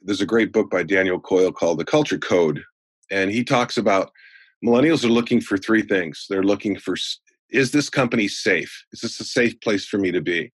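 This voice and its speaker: A man's voice: lowish voice, moderate pace, breathy edge, no room sound. A man in his sixties, a sales trainer and guest, telling folksy anecdotes in a conversational way. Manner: folksy anecdotal teller, animated in stories. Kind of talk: conversational storytelling.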